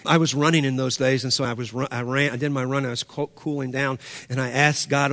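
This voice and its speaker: A man's voice: mid-range voice, steady tone, fast talker, gravelly, hardly any pauses, a bit bright. A man preaching a sermon as pastor, earnest, often repeating himself and restarting phrases. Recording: long hall reverb.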